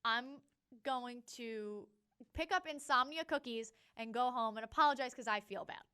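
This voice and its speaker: A young woman co-hosting a podcast, telling a story in a casual, animated way and acting out what people said. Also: on the high side, moderate pace, smooth. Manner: animated, laughing, acts out quotes. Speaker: podcast co-host.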